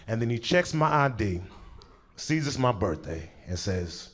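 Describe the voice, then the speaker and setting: A young man performing a stand-up comedy set on stage, telling a story with animated delivery and sudden jumps in pitch when he acts out characters. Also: moderate pace. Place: comedy stage before a live audience.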